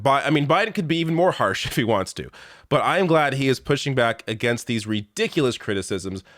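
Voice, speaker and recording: A man's voice: a little high, fairly bright tone, no echo, clean studio sound. A man hosting a political commentary show, talking in an exasperated, sarcastic way and rattling off lists of names and figures.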